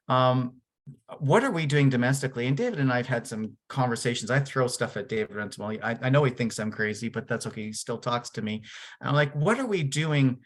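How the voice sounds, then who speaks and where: A man from Canada speaking on a panel discussion in a casual, candid way, with many fillers and restarts. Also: mid-range voice.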